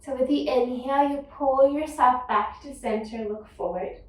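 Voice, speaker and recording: A woman teaching a guided yoga class, calmly cueing each breath and movement. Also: sits high, moderate pace, distant mic. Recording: echoey room, voice off-mic.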